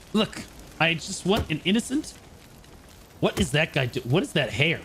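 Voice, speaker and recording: A man streaming an online game, commenting live and swinging between shouted trash talk and low muttering. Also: vocal fry, slight background noise.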